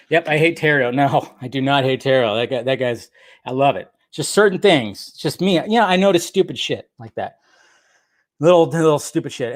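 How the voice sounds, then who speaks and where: A man's voice: mid-range voice, normal speed. A man giving casual film commentary as a vlogger, rambling and chatty, full of asides.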